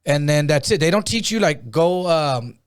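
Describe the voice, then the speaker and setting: A man's voice: fairly high pitch, animated, clean tone. A middle-aged man from Texas telling profane stories in casual podcast banter, acting out the people he quotes. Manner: fast, profane storytelling with acted-out quotes.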